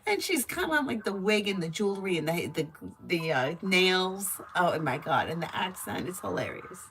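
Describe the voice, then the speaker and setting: A woman's voice: lowish voice, normal speed, a little hiss or hum, poor audio. A woman giving tarot readings on a live stream, chatty and giggly as she tells stories between readings. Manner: chatty and giggly, lively storytelling. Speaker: tarot reader.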